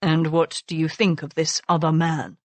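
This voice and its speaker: A woman's voice: level tone, moderate pace, no room sound, close to an everyday voice. A woman playing a hard, guarded rogue. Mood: dry. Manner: low, clipped, mild and dry. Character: hard, dangerous man, dry and guarded.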